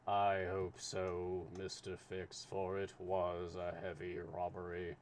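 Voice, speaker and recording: Casting: man doing an unhurried, low-voiced storybook official. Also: monotone, slight background noise. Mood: patient. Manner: slow, low and measured. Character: calm, patient official consul, man. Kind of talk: live reading of a classic novel.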